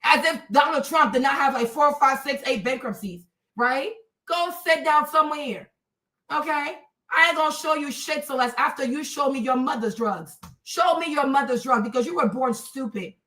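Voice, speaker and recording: A woman in her thirties hosting a livestream, ranting at her chat in a combative, profane, mocking way with loud, emphatic repetition. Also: high-pitched, normal speed. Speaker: livestream host.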